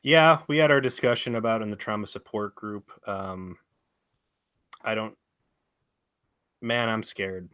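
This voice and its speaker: A man co-hosting a casual podcast with a wry, joking delivery. His mid-pitched voice is bright, and the sound is dry and close. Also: fairly even intonation, measured pace, pauses often, clear, resonant tone, no room sound. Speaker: podcast co-host. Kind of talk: casual chat.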